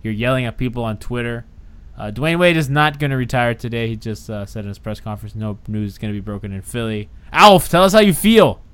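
A laid-back man hosting a casual podcast chat, teasing his friends as he talks. His voice is smooth and clear, with an average pitch. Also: animated, a little fast, fairly bright tone. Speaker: podcast host.

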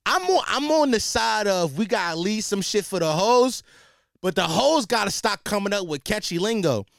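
A young man doing a comedic rant, animated and profane, full of slang and repeated restarts. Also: high-pitched, normal speed, creaky, no echo, clean studio sound.

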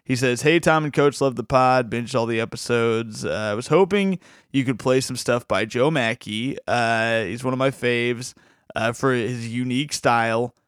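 A man's voice: mid-range voice, moderate pace, clear, resonant tone, dry recording, studio quality. A man hosting a casual podcast chat, talking enthusiastically and rambling with restarts. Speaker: podcast host.

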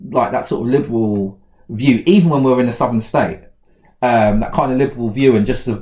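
A man's voice: medium pitch, a little mellow. A man co-hosting a podcast, chatting casually in a rambling, hesitant way with many restarts. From Britain. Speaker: podcast co-host. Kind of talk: casual chat.

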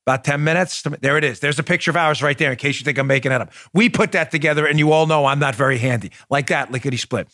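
A man's voice: a little high, quick pace, few pauses, bright, forceful tone, no room sound, studio quality. A man hosting a political talk show, talking in an emphatic, punchy, conversational way and reading ads. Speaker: host.

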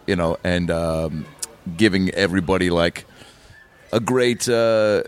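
A podcast host with a deep voice, easing into questions with plenty of hesitations and fillers. He talks in a loose, informal way. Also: steady tone. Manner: halting, many fillers. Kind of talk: casual interview.

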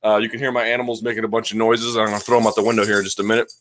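Male host: a lowish, bright voice, casual and self-deprecating, chatting from home. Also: level tone, rapid-fire. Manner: rambling, self-deprecating, with frequent restarts. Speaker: host of a live chat show. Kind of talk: casual live-stream chat answering viewer questions.

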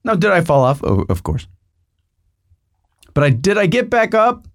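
A man's voice: high voice, wildly swooping pitch, normal speed. A middle-aged man hosting a podcast, telling a rambling comic story with digressions and asides to the listener. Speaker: podcast host.

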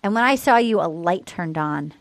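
Woman doing a sincere young man vowing love, pitched well below her own voice. Recorded dry. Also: lively intonation, normal speed, creaky, dry recording. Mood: earnest. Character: earnest young man declaring his love.

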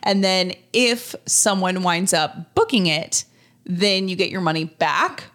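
A woman in her thirties hosting a podcast in casual chat, chatty and animated as she tells stories. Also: on the low side, a little slow. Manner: chatty, animated storytelling, acts out quotes. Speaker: podcast host.

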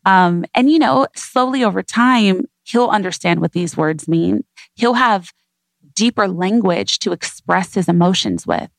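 A woman's voice: medium pitch, sing-song, a little slow, creaky, dry recording. A woman guest on an interview show, speaking earnestly and reflectively in repeated emphatic phrases.

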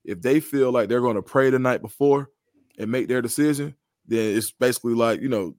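A man's voice: medium pitch, a little fast, dry recording, clean studio sound. A man, a guest analyst in a podcast interview, talks through football recruiting in a confident, analytical way. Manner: confident, analytical, animated storytelling.

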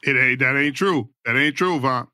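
A man's voice: mid-range voice, normal speed, sharp tone, dry recording, studio quality. A man in his thirties, a guest on a podcast, talking in a laid-back, slangy way and often starting over mid-sentence. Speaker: podcast guest, football analyst. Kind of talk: casual chat.

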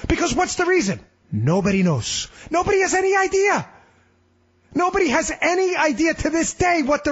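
A middle-aged man filling in as a talk radio host, delivering a fast, sarcastic, rambling political monologue. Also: very high voice, a bit bright. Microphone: studio microphone. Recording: slightly muffled radio broadcast.

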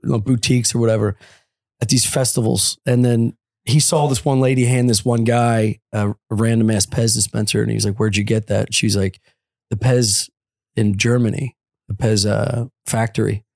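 A man's voice: fairly low pitch, little pitch movement, normal speed, creaky, darkish tone. A man co-hosting a podcast while sick on cold medicine, telling a rambling story with lots of swearing and giggles. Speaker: podcast co-host. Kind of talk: casual chat.

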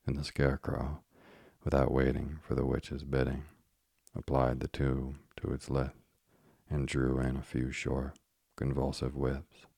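Deep flat guy reading an old tale, gravelly, dry close sound. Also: no room sound. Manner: measured, old-fashioned reading. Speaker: narrator. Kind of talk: audiobook narration.

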